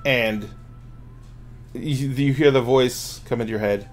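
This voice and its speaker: A man's voice: medium pitch, slow pace, faint music behind. A man running a tabletop game as game master, narrating loosely with many fillers and restarts.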